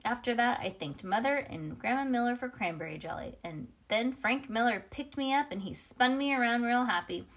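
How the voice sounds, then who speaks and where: A woman reads a children's chapter book aloud. Her delivery is lively and expressive, with the odd small slip. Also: fairly high pitch, moderate pace, few pauses.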